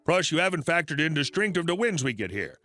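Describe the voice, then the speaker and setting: Polite, unflappable male builder, steady delivery, read by a high-voiced man. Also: fast talker, soft background music. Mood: calm. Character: calm patient male immigrant builder.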